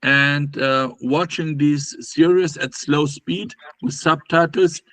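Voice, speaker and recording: A man's voice: on the high side, steady tone, slow, a bit bright. Man guest chatting with dry remarks. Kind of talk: casual discussion.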